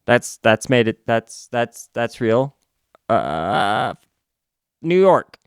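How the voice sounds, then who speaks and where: A man talks through a comic book plot in a casual, unhurried way, stumbling and restarting as he goes. His voice is smooth and clear, recorded close and dry. He drops sarcastic asides along the way. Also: medium pitch, big pitch swings, dry recording. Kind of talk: casual recap.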